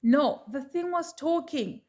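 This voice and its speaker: A woman's voice: high-pitched, slow. Chatty woman telling a story to viewers. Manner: chatty, animated, addresses viewers directly. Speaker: vlogger telling a personal story. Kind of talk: casual storytelling to camera.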